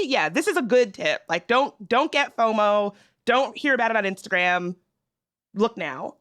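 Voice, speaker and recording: A woman hosting a casual podcast chat, with animated, teasing rants, recorded in a studio. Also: on the high side, moderate pace, no room sound. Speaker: podcast host.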